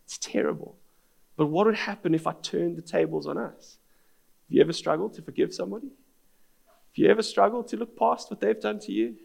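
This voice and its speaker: Gravelly man preaching a sermon. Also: sits high, lively intonation, a little fast, a little mellow. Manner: earnest storytelling preaching. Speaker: pastor.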